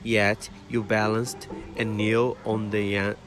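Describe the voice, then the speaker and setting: A man's voice: fairly low pitch, little pitch movement, slow pace, music in the background. A man voicing a cheeky young man teasing his old father in a storybook reading.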